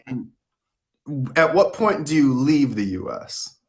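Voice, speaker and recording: A man's voice: medium pitch, sing-song, takes it slowly. A man hosting a live-stream interview show, talking in an enthusiastic, chatty way and laughing easily. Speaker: host.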